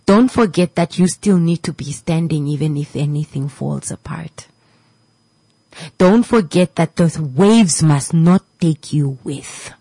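Her voice is low, warm and a bit rough as she, a radio host, offers listeners a heartfelt motivational talk, circling back over her points with preachy emotion and occasionally falling to a whisper. There's no room sound, but the recording quality is poor.

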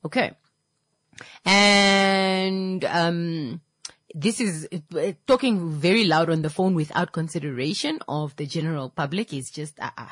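A young woman talks straight to her audience in a lowish, husky voice, blunt and openly exasperated. She keeps hammering rhetorical questions. The sound is close and dry, with no room echo. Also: moderate pace. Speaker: vlogger. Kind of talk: casual opinion monologue.

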